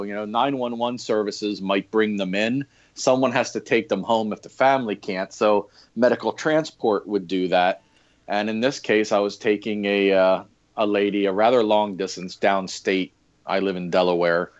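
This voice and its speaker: A podcast guest with a lowish voice and a normal pace tells stories in casual interview chat, laid-back and heavy on fillers. The audio is dull and lo-fi.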